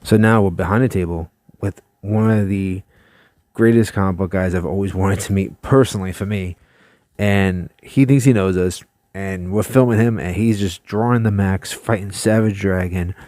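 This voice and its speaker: Man, channel host, casual storytelling, low voice, mellow tone, dry close sound, animated, laughs a lot. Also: moderate pace, no room sound. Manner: animated, chatty, laughs often.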